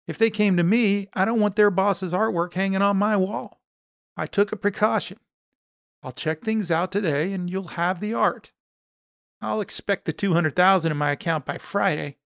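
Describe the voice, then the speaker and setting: Man reading as a cocky wisecracking investigator, smooth clear voice, dry sound. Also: high voice, normal speed, a bit bright, no room sound, pitched above the performer's own voice. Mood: sarcastic. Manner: dry, sarcastic. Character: cocky sarcastic male private investigator.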